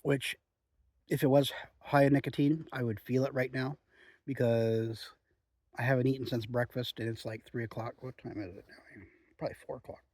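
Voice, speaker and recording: A man chatting in a relaxed, rambling way outdoors in the woods while reviewing a chew. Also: mid-range voice, moderate pace, no room sound. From Oregon. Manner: chatty, relaxed, frequent "um" and "you know". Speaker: outdoor vlogger reviewing chewing tobacco. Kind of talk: rambling casual monologue.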